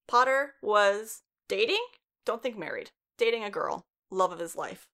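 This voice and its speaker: A young woman in her twenties talks through a story's plot in loose, everyday chat. She swears without a second thought and breaks into laughs as she goes, at a middling pitch. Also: expressive, a little slow, a bit bright. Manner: chatty, swears freely, laughs often. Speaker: show reviewer. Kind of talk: casual plot recap.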